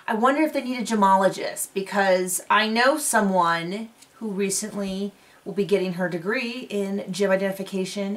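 Sitting far from the microphone at her cattle-ranch home, a vlogger recaps a reality TV episode in a casual, rambling chat peppered with asides. Her voice is medium in pitch and fairly bright.

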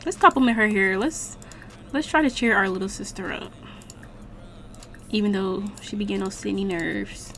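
A young woman giving casual, slangy let's-play commentary as the channel host, chatting and reacting loudly to the game. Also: medium pitch, normal speed, pauses often, a little hiss or hum.

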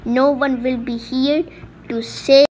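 A woman's voice: high-pitched, fairly even intonation, slow pace, darkish tone, a little hiss or hum. A woman voicing a male kidnapper who keeps repeating bossy threats and orders, in a homemade role-play video. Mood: menacing.

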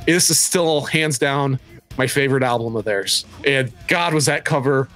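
A man's voice: medium pitch, a bit bright. A man co-hosting a metal music podcast in casual chat, swearing freely and laughing often. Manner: profane, enthusiastic, quick to laugh. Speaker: podcast co-host.

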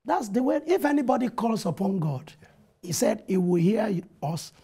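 Earnest preaching man, dark rough voice. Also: high voice, normal speed. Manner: earnest preacher quoting scripture, animated retelling. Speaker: pastor. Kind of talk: testimony in a TV interview. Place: TV studio.

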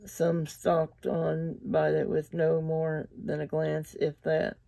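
A man reading a fantasy novel aloud in an even, steady way, now and then restarting a sentence. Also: fairly high pitch, takes it slowly, creaky, dry recording. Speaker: audiobook reader.

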